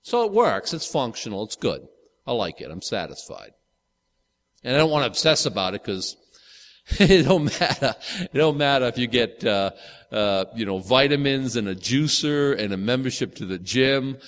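Fifties male pastor, chatty rambling sermon delivery, mid-pitched, long hall reverb. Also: big pitch swings, moderate pace, a bit bright. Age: 50s. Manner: casual, rambling, with frequent restarts and asides. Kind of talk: conversational sermon.

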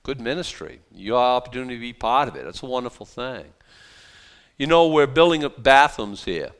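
Joking pastor, smooth voice. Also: male voice, medium pitch, animated, a little fast, fairly bright tone. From South Boston. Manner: conversational, joking asides, frequent restarts. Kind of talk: verse-by-verse sermon.

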